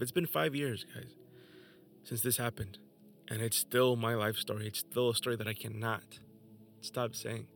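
A man's voice: mid-range voice, creaky, fairly bright tone. A young man hosting a podcast, telling his personal faith testimony in an emotional, earnest way. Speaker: podcast host.

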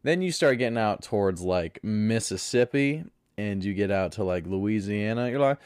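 A man's voice: on the low side, lively intonation, normal speed, a little mellow, smooth, no room sound, clean studio sound. A man from Florida hosting a solo podcast, laid back, rambling and crude in his chat. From Pensacola, Florida. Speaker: podcast host.

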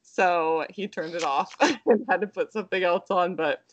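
Chatty young mom podcast co-host. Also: female voice, on the low side, normal speed, highs cut off, slight background noise. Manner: chatty storytelling with frequent laughs and "like". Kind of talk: casual chat.

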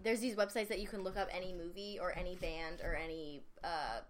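Young adult woman, casual animated talker, acting student. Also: fairly low pitch, fairly quick, a little hiss or hum. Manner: animated, laughs and acts out voices. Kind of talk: casual chat.

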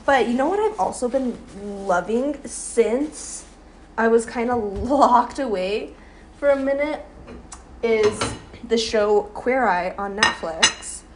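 A young woman vlogger cooks breakfast in her home kitchen while rambling through a chatty, profane, self-mocking storytime. Her voice sits on the high side and moves at a slow pace, with a little hiss or hum behind it.

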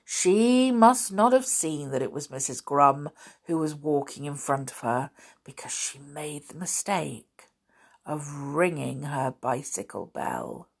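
Slow, expressive woman storyteller. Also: deep voice, gravelly, husky. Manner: expressive, dramatic narration. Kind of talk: storybook reading.

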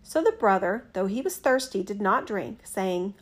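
A woman reading a fairy tale aloud in a gentle, measured, expressive storytelling manner. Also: medium pitch.

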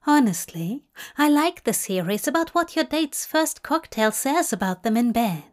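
Woman reading as soft-spoken Aziraphale. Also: a little high, big pitch swings, normal speed.

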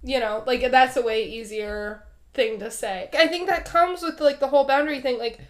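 A young woman with a high voice co-hosts a casual podcast. She chats easily, her talk full of "like" and fillers. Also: moderate pace. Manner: chatty, filler-heavy, many "like"s. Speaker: podcast co-host. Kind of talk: casual chat.

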